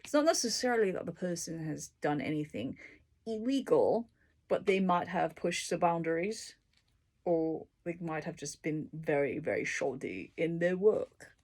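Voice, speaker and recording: A woman reading through dictionary entries and explaining each one with everyday examples, in an unhurried, casual way. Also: lowish voice, expressive. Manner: unhurried, explaining words with examples, soft asides. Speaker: language tutor.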